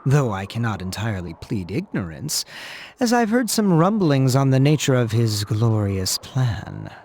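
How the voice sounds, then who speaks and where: A cold, formal knight. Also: male voice, medium pitch, sing-song, darkish tone, a little hiss or hum. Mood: aloof. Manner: formal, measured, aloof. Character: cold, proud young knight, secretive. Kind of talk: video game voice acting.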